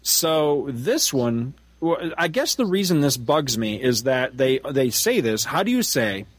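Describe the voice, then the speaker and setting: A man's voice: mid-range voice, lively intonation, slow, breathy edge, no room sound. A man in his forties co-hosting a casual podcast, ranting with profanity and frequent laughter. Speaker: podcast co-host. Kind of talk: casual comic-book discussion.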